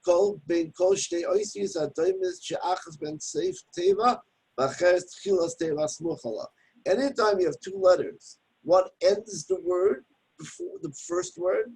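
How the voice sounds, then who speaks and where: This Torah teacher has a high, creaky voice with a darkish tone and a slightly rough quality, heard through poor audio. During his daily text study he reads from the Hebrew, gives a plain English explanation, and sounds out pronunciation examples.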